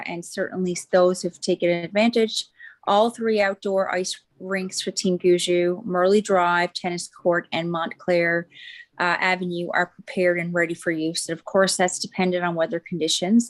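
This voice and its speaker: A woman serving as deputy mayor, giving a committee report at a council meeting in a halting way, with frequent fillers and restarts. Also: fairly low pitch. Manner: hesitant, many fillers and restarts. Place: council chamber.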